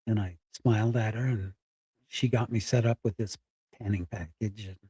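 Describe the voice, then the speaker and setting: A middle-aged man telling a personal story candidly, halting and close to tears. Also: on the low side, fairly even intonation, mellow, husky, dry recording. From Spokane, Washington. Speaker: guest.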